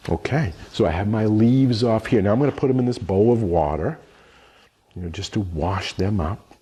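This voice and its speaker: Middle-aged guy walking thru a cooking demo, husky low voice, chatty explaining. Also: moderate pace, dark tone. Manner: explanatory, talks through each step while working. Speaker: culinary instructor. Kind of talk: cooking demonstration lesson.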